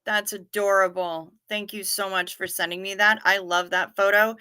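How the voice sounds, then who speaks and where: A woman's voice: mid-range voice, little pitch movement, moderate pace, sharp tone, smooth. A woman hosting a casual livestream chat, swearing freely and talking with her viewers. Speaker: livestream host.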